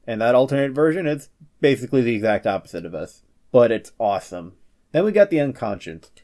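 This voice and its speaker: A man's voice: medium pitch, sing-song, a little mellow. Playful man hosting a scripted explainer. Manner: playful, breaks into quick comic character voices. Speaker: host of a personality-psychology channel. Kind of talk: scripted explainer with joking asides.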